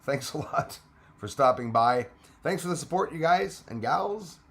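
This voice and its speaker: A man's voice: fairly high pitch, animated, measured pace, fairly bright tone. A man hosting a casual livestream, greeting commenters by name, laughing often and chatting loosely. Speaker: livestream host. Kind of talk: casual live chat with viewers.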